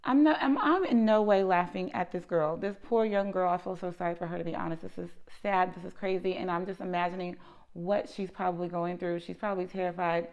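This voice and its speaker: Woman, storytime vlog, gravelly vocal fry, emphatic, slightly dull lo-fi sound. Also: fairly low pitch, brisk. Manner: animated, emphatic, tags lines with "okay?". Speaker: lice treatment business owner.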